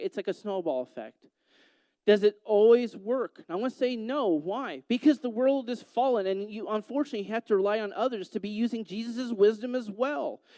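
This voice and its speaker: A male pastor delivers an animated sermon, firing off rhetorical questions and slipping into quoted voices. His voice sits high and comes across smooth and resonant, recorded dry and close. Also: no echo.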